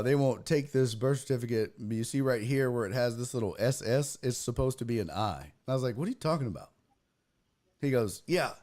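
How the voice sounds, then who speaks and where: A man's voice: medium pitch, darkish tone. A man from Texas, hosting a podcast and telling a story in a casual, profane, ranting way. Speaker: host.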